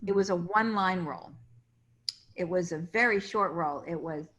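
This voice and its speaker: A woman's voice: fairly low pitch, normal speed, fairly bright tone. Chatty woman casting director telling stories. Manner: chatty anecdotes, acting out quoted voices. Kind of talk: casual interview storytelling.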